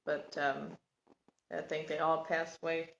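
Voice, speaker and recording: A woman speaking in a slightly low voice, talking through her own life story in a loose, reflective monologue. She stops often and searches for her words. The room around her rings with noticeable echo. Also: little pitch movement, a little slow, vocal fry, fairly bright tone, lo-fi sound. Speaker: podcast host sharing personal story. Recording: echoey room.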